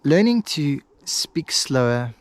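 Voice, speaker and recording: Man teaching hypnotic voice, slow pauses. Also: fairly high pitch. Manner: shifts between quick lively talk and slow, soft, pausing delivery. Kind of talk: instructional video monologue.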